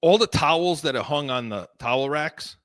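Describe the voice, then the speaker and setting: This middle-aged man talks in a slightly high voice, rambling through a story with plenty of restarts and laughter. It is casual podcast chat, close and dry with no room sound. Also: animated, normal speed, a bit bright, no echo. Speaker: podcast co-host.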